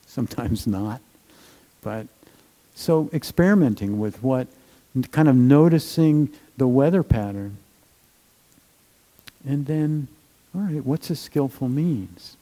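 A man giving a gentle, unhurried meditation talk, with many fillers and trailing phrases. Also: mid-range voice, gravelly, low-quality recording. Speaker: meditation teacher.

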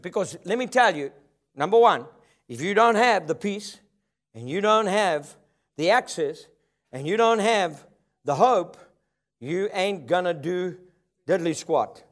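Male preacher, high-pitched, emphatic and rhythmic sermon style. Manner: emphatic, call-and-response preaching.

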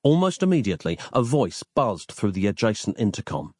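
A man narrating a comic story in the first person, with a wry, deadpan delivery and elaborate phrasing. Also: on the low side, brisk, husky, no room sound, clean studio sound.

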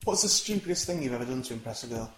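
Brief: a male comic host, quick and lively, a roomy mic with music under it. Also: medium pitch. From St Helens, North West England. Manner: teasing, deadpan mock-jealousy, swears freely. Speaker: podcast host. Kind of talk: comic banter. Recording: roomy sound with music behind.

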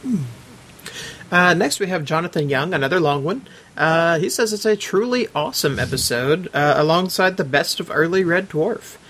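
A man's voice: fairly high pitch, expressive, moderate pace, fairly bright tone. Hesitant man reading listener reviews. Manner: hesitant, lots of ums and uhs, adds his own comments while reading. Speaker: podcast host. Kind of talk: casual podcast chat, reading listener reviews aloud.

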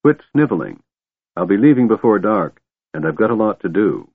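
A man voicing a resolute half-elf leader who speaks calmly and coldly, in a tinny audiobook recording. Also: on the low side, moderate pace, breathy edge, heavily acted. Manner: calm and cold.

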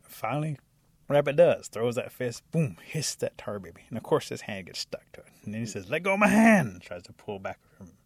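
A man telling a traditional animal story aloud, animated and acting out the animals as he goes. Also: medium pitch, fairly quick, husky, no echo. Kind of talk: oral storytelling.

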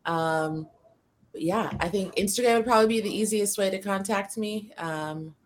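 A woman's voice: mid-range voice, normal speed, slight background noise. A woman appearing as a guest on a podcast, easygoing and thoughtful in casual chat, who works as a gym trainer.

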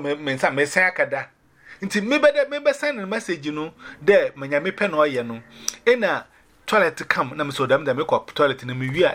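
A man sharing a personal faith testimony, telling it in an animated way and dropping in English phrases. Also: high voice.

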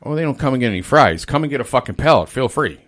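A man venting about his fast-food restaurant job in casual chat, swearing constantly and ranting with animation. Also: medium pitch, lively intonation, fairly bright tone.

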